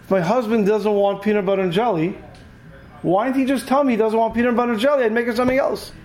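A man's voice: high voice, steady tone, fast, darkish tone, voice pushed up, natural voice, low-quality recording. A man voicing a bewildered wife who talks on about her husband. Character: puzzled wife chatting with a neighbor.

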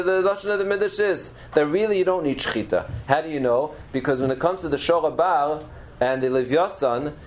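A man's voice: on the high side, a little mellow, slight background noise, rough recording. A middle-aged man giving a Torah lecture as a teacher, telling stories earnestly and mixing Hebrew and Yiddish terms into his English.

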